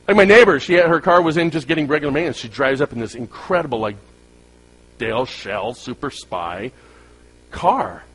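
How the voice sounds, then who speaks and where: Animated man preaching a sermon. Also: on the high side, fast, hardly any pauses, slightly rough, rough recording. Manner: animated, swings between loud emphatic peaks and quiet asides; folksy storytelling with acted-out quotes and laughs. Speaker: pastor.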